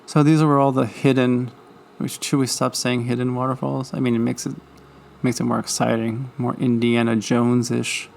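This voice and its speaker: A man's voice: medium pitch, little pitch movement, normal speed, gravelly, a little mellow. A man hosting a travel vlog, narrating in a playful, teasing, mock-dramatic way.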